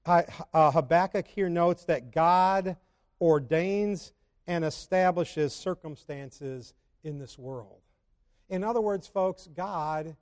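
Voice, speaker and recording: A man's voice: on the high side, takes it slowly, darkish tone. A man preaching a sermon and asking the congregation rhetorical questions. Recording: long hall reverb.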